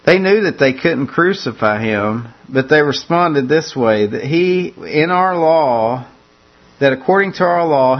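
A man's voice: mid-range voice, dull audio. A man preaching a conversational sermon that walks through a scripture passage, often repeating words as he restarts his phrases.

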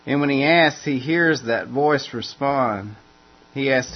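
A man's voice: medium pitch, measured pace. A man preaching in a casual, conversational way, often repeating and restarting phrases as he explains. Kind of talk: conversational Bible teaching. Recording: dull lo-fi recording.

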